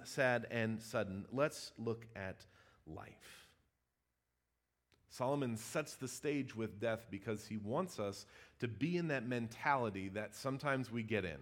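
A pastor preaching a sermon in a church, his voice rising emphatically and dropping to a hush. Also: mid-range voice. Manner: animated preaching with emphatic rises and hushed drops. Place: church sanctuary.

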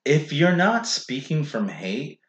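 Man, podcast host, casual rambling chat, swears a lot, lively up-and-down pitch, echoey room. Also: slow, lo-fi sound. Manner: rambling, swears freely, frequent "like". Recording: roomy echo.

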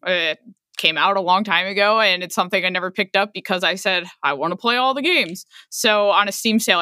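Bright-voiced woman in casual chat. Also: on the low side, no room sound. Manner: chatty storytelling. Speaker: podcast co-host.

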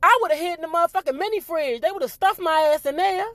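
Loud, profane woman ranting to camera. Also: very high voice, fast talker, no room sound. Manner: loud, animated, cussing freely. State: voice giving out. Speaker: vlog host. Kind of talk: profane rant to viewers.

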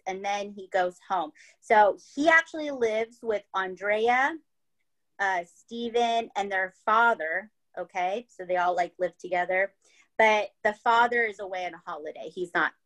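A mid-range, slightly bright female voice, a little slow, comes through poor audio. She's a podcast host relating a true-crime story in a laid-back, chatty way, with plenty of swearing and frequent "right?" and "okay?".

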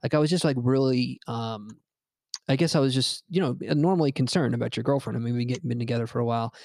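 A young man with a gravelly texture in his voice tells a personal story at an even, middle pitch. He rambles, restarts and swears freely, speaking into a dry, close microphone. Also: quick pace, no room sound. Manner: rambling, profane, with many fillers and restarts. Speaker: podcast host. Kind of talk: casual storytelling chat.

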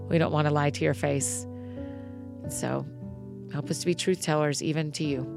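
A woman host reading scripture expressively and praying in a soft, informal way. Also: deep voice, steady tone, normal speed, vocal fry, over music. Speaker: Bible reading podcast host. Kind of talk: scripture reading and spoken prayer.

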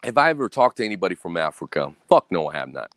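A man's voice: deep voice, big pitch swings, quick pace, a bit bright, no echo. Blunt, cursing American man ranting. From United States. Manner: keeps asking "right?". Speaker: storyteller. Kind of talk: casual profane monologue.

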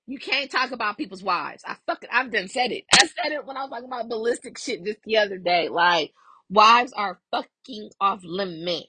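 Young woman gossiping on her podcast w/ AAVE, bright voice kinda breathy, dry close mic. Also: medium pitch, moderate pace, no echo. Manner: animated, profane, laughing often. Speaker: podcast host. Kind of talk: casual gossip commentary.

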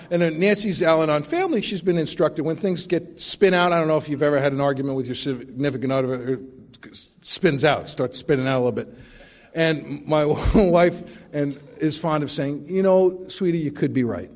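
A man's voice: a little high, a little fast. A middle-aged man sharing his recovery story at a meeting, with wry, self-mocking humor.

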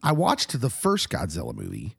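A middle-aged man who co-hosts a podcast, talking casually while hoarse and husky from a recent illness, animated and laughing often. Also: deep voice, moderate pace, dry recording, clean studio sound. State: hoarse, getting over an illness. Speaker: podcast co-host, pastor.

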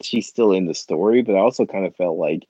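A man's voice: low voice, brisk, mellow, no room sound, muffled recording. A man in a casual chat, rambling with many restarts and fillers, as a podcast co-host.

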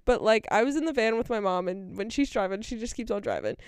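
A young woman, a student, telling a story in casual chat, animated and full of fillers. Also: a little high, fast talker, smooth, dry recording, studio quality.

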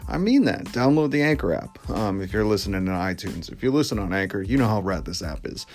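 A man's voice: fairly low pitch, expressive, brisk, darkish tone, soft background music. A man hosting his own podcast, talking casually in a rambling, jokey way with lots of asides. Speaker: podcast host. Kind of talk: casual solo podcast monologue.

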